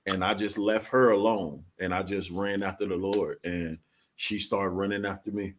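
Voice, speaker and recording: A man's voice: low voice, fairly even intonation, normal speed, slight background noise. A man speaking as a guest, telling his story in an earnest, confessional way with casual slang. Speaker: podcast co-host, guest. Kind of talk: candid personal testimony.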